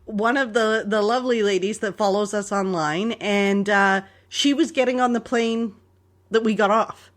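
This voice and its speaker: A woman from Canada hosting a podcast, telling stories in a casual, animated way and laughing often. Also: medium pitch, normal speed. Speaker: podcast host. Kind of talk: casual storytelling chat.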